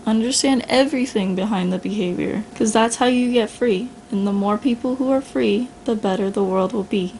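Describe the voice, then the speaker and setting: Blunt, gravelly-voiced woman giving a pep talk. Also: fairly high pitch, normal speed, hardly any pauses, a little mellow, slight background noise, rough recording. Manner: blunt, earnest, casual, addresses listener as "you". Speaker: vlogger. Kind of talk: motivational self-talk monologue.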